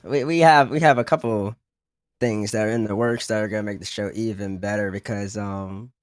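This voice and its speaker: A man's voice: lowish voice, fairly even intonation, moderate pace, dry recording, studio quality. A young man, a podcast guest, talking earnestly and often trailing off and restarting his sentences. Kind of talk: casual podcast chat.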